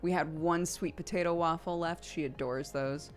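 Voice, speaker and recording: Chatty low-voiced woman streamer. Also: moderate pace, soft background music. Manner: chatty, animated, full of "like" and acted-out quotes. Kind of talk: casual storytelling.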